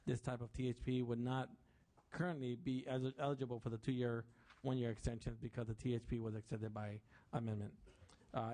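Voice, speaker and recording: A man presenting a bill to a committee, reading prepared remarks in a formal way. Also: mid-range voice. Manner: flat, reads prepared remarks.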